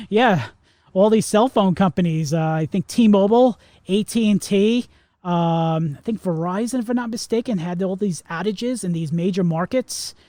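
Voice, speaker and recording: A Florida man in his forties hosts a podcast, wandering through a casual monologue packed with fillers and restarts. His voice sits high and a little mellow, and there's no room sound.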